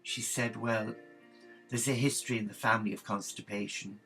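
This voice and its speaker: A man's voice: fairly low pitch, steady tone, normal speed, fairly bright tone, soft background music. A man performing a chatty, gossipy Irish woman who was a housekeeper and is now a nun, telling a comic story with gasps and exclamations. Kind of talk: comic monologue in character.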